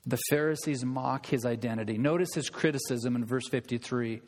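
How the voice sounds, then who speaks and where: A man's voice: mid-range voice, fairly quick, darkish tone. A man preaching a sermon in a church, emphatic and impassioned, building his points with repetition and rhetorical questions. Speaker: pastor. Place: church sanctuary. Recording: long reverb of a large hall.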